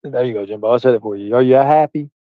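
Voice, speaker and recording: A man's voice: mid-range voice, quick pace, no echo, phone-quality sound. Rambling man with a hillbilly drawl. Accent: Southern US hillbilly. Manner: rambling, swears freely, reads chat aloud. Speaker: livestream host. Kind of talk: casual livestream chat.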